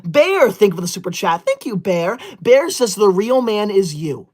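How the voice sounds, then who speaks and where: A man voicing a prissy, self-righteous schoolboy livestreamer and teacher's pet, scolding and banning his viewers with quick outrage in a comedy sketch. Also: high-pitched, big pitch swings, a little mellow. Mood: indignant scolding. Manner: indignant, scolding, easily outraged.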